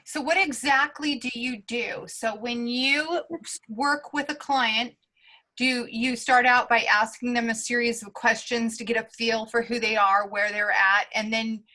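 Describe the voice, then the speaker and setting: A woman's voice: on the high side, bright, forceful tone, rough recording. A woman host asking curious interview questions.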